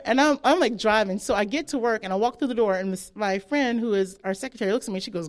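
A woman sharing a personal faith testimony in casual spoken storytelling, animated and full of "like", acting out her own past thoughts. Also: medium pitch, fast.

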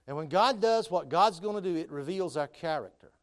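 A man preaching a sermon, moving between calm scripture reading and loud, high, impassioned stretches. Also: fairly quick.

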